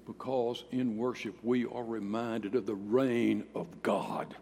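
A pastor preaching a sermon, emphatic, with swings in volume and pitch. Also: male voice, slow pace, gravelly, few pauses, darkish tone. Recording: long reverb of a large hall.

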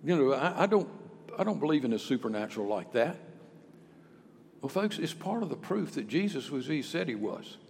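A man preaching a sermon, with dramatic swings from hushed to loud. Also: mid-range voice, very animated, brisk, gravelly, a little hiss or hum. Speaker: pastor. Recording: long reverb of a large hall.

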